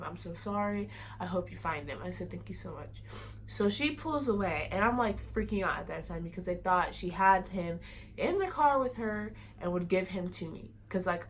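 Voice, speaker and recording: A woman's voice: fairly low pitch, a bit bright, rough recording. A teenage girl telling a personal story in a casual, rambling way, full of fillers. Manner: rambling, many fillers like "like" and "you know". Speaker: vlogger.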